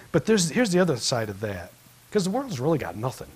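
A man's voice: mid-range voice, very animated, fairly quick, darkish tone, husky. A man preaching a sermon in a church, telling a story in a folksy, rambling way with many restarts. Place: church sanctuary.

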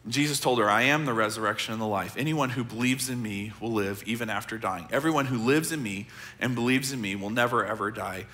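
A middle-aged American man, a pastor, preaching a sermon in a conversational, earnest way, often dropping his voice soft. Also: mid-range voice, a little fast. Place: large church auditorium.

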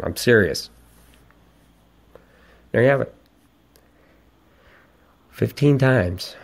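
A man's voice: mid-range voice, animated, extremely slow, gravelly, long pauses. A man in his forties hosting a podcast, ranting and telling stories in a casual, profane monologue. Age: 40s. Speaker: podcast host.

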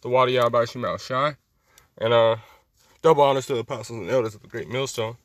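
A man's voice: mid-range voice, quick pace, no echo. A man teaching a scripture lesson in a street style, preachy, emphatic and full of profanity.

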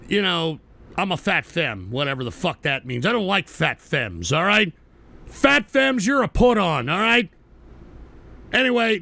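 Exasperated cussing stream host guy, big swoopy high voice. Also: gravelly. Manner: profane, exasperated, reacts loudly to viewer clips. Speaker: livestream talk show host. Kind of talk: crude casual stream commentary.

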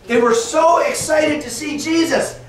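A man teaching a children's Sunday school class, telling a Bible story slowly and with animation and asking the children questions. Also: very high-pitched. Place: church classroom. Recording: echoey room, distant mic, faint noise.

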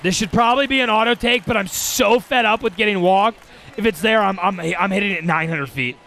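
A man's voice: high-pitched, fairly quick, vocal fry, pushed and bright, slight background noise. A young man commentating his own baseball video game play, exasperated and talking to himself and his viewers in bursts of frustration. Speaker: gaming channel host. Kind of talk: live gameplay commentary.

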